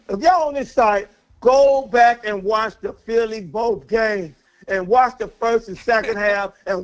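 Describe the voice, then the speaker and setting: A man calling in to a sports talk show, angry and worked up, ranting with a lot of profanity and repeating himself. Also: very high voice. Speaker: caller. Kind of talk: heated call-in rant. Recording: dull lo-fi call audio.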